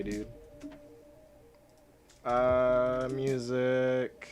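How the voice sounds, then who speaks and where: A man's voice: mid-range voice, extremely slow, long pauses, pushed and bright, soft background music. A young man from Canada chatting casually on a game live stream, rambling and self-mocking, laughing often. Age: young adult.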